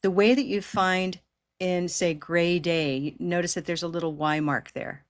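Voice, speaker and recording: Woman, pronunciation teacher on a video call; patient, encouraging, lowish pitch, dry sound. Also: normal speed, no echo. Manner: patient, encouraging, models long held vowels. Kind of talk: online class teaching.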